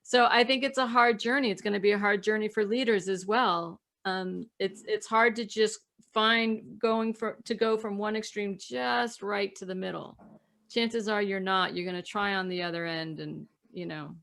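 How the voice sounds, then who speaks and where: A woman hosting a podcast and coaching, talking in a thoughtful way, her voice dropping softly at the ends of phrases. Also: medium pitch, fairly even intonation, moderate pace, creaky. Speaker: podcast host and relationship coach. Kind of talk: casual podcast conversation.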